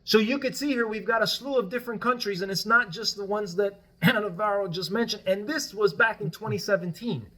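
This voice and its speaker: A man with a notably high voice talks through his points as a guest on a casual podcast. His first language is Spanish. He explains at length and tags his points with "right?". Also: fairly quick, hardly any pauses, sharp tone. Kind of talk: casual political podcast discussion.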